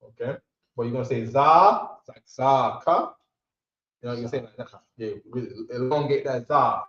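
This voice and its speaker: A man runs a classroom language lesson in a casual, coaxing way. He drills short words out loud and keeps checking that his students follow. The room sounds echoey and the recording is dull and lo-fi. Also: mid-range voice, moderate pace. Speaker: Hebrew language teacher.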